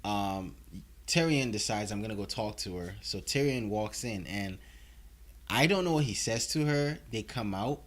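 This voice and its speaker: A man with a fairly low voice talks through a TV episode recap in a loose, conversational way. He rambles and leans on filler phrases as he goes. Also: lively intonation, moderate pace. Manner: rambling, heavy on "you know" fillers. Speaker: TV episode reviewer. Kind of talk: casual recap and review.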